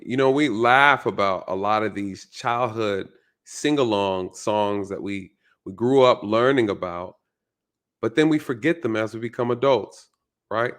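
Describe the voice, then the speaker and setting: A man's voice: medium pitch, lively intonation, measured pace, fairly bright tone. A male channel host giving a casual, reflective commentary monologue, often repeating his phrases and checking in with "right?".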